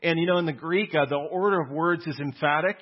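A man's voice: a little high, a little fast, lo-fi sound. A man preaching a conversational, emphatic sermon, often repeating words as he builds a point. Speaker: pastor.

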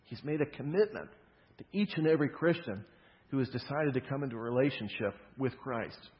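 A man's voice: medium pitch, animated, a little fast. A man preaching a sermon, explaining scripture with emphatic stresses on key words and casual conversational asides. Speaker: pastor. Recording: dull lo-fi sound with long hall reverb.

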